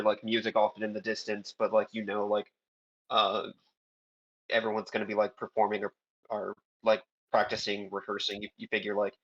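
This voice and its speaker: A man's voice: on the low side, fairly bright tone, highs cut off. A man running a tabletop game as game master, describing scenes hesitantly with many fillers. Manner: hesitant, lots of um and like.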